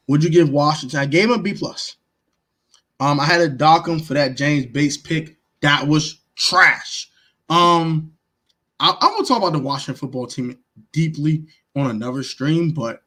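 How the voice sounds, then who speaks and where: A man's voice: fairly high pitch, animated, normal speed, long pauses, a bit bright. A man hosting a casual livestream, talking emphatically, repeating himself and swearing freely as he reacts to viewers by name. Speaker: livestream host grading draft picks.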